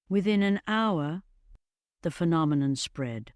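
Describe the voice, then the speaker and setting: A narrator reading a fantasy story slowly and evenly, in a scripted storybook style. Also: mid-range voice, clean tone, no echo, clean studio sound. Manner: slow, measured and even.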